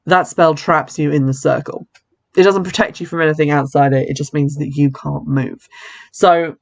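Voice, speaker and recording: A podcast host casually recapping a horror film, chatty, with wry asides and frequent self-corrections. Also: mid-range voice.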